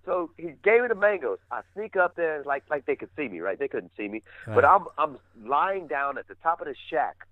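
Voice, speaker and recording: A man telling a story in a lively, swooping, fairly high voice. He swears freely and slips into other people's voices as he goes, on a dry, close recording. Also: normal speed, hardly any pauses, no echo, narrow, tinny audio. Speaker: podcast guest. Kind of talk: casual storytelling.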